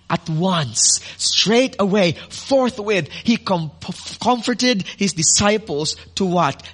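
Bright-voiced high male preacher. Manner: expressive preaching with rhetorical questions and audience asides. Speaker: pastor. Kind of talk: sermon.

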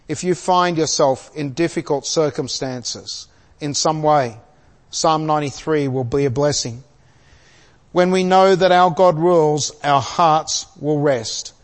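Older man preaching in a reverberant hall. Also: a little high. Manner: storytelling, chuckling, asking the congregation questions. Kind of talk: sermon.

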